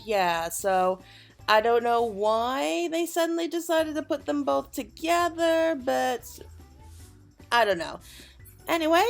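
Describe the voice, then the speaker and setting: Upbeat, high-voiced woman game host. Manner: chatty, upbeat, thinks aloud with fillers. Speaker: gaming channel host. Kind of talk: casual gameplay commentary.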